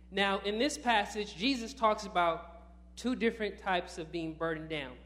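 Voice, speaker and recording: A man's voice: high voice, measured pace, fairly bright tone. A man preaching a sermon in church, talking casually and then rising into emphatic bursts.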